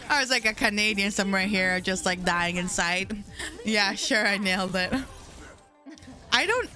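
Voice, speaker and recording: A woman's voice: medium pitch, bright, forceful tone. A young American woman streaming live, chatting casually with viewers, laughing often and trailing off mid-sentence. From United States.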